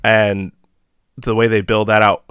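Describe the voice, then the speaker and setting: A man co-hosting a casual film podcast, talking excitedly, with lots of laughs and fillers. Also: fairly low pitch, a little slow, smooth, dry recording, clean studio sound. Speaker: podcast co-host. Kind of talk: casual chat about a film.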